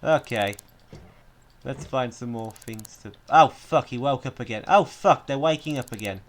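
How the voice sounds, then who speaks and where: A man's voice: mid-range voice, lively intonation, moderate pace. A young man giving playful gameplay commentary, mock-menacing and swearing often. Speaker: gaming YouTuber.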